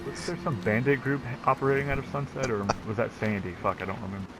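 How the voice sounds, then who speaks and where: A man's voice: medium pitch, fast talker, background noise. A man talking in character during a roleplay, easygoing and laid-back, swearing casually. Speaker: roleplay player.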